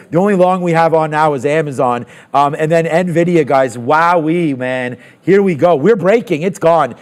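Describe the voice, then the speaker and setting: A man hosting a live trading stream, talking through trades with excited asides and plenty of fillers. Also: on the high side. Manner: excitable, thinks aloud with fillers. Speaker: trading show host. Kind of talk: live market commentary.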